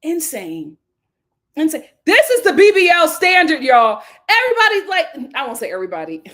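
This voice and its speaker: A woman hosting a live reality TV recap, animated and exclamatory, laughing often. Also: high-pitched, moderate pace. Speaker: reality show recap host.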